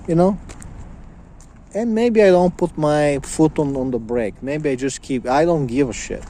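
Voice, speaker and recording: A man's voice: on the high side, a little slow, dark tone, slight background noise. A man ranting as a podcast host, heated and profane, often stammering and repeating his words. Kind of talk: ranting monologue.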